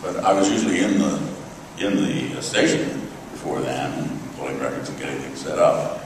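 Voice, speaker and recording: A man's voice: sits low, animated, normal speed, background noise. An older American man giving a humorous lecture, telling wry anecdotes with dry jokes and frequent fillers. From United States. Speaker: guest speaker. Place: large lecture hall. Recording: echoey hall recording from far off.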